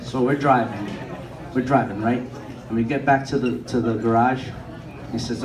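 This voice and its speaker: Young male stand-up, profane storyteller, boomy club room with a loud laughing crowd. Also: fairly even intonation, moderate pace. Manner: profane storytelling, acts out quoted people. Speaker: stand-up comedian. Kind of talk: stand-up comedy set. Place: comedy club stage. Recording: echoey room, mic from a distance, audience laughter. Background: audience laughing.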